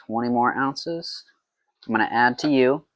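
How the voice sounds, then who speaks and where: A man's voice: mid-range voice, a little slow, background noise. A man talking to himself in a playful, rambling way while making mead at home, in a casual brewing vlog. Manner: rambling, playful self-talk.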